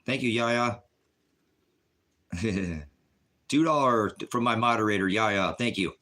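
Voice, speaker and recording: A man's voice: fairly low pitch, slow pace, bright, forceful tone. A man from Oregon hosting a livestream, talking in an emphatic, repetitive, argumentative way to his chat. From Oregon, USA. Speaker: livestream host. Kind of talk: casual livestream rant.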